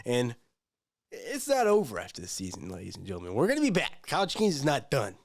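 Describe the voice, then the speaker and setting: A man's voice: mid-range voice, huge pitch swings, fairly quick, creaky, dry recording. A man co-hosting a casual sports podcast, talking in a laid-back, teasing way and repeating phrases for effect. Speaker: podcast co-host.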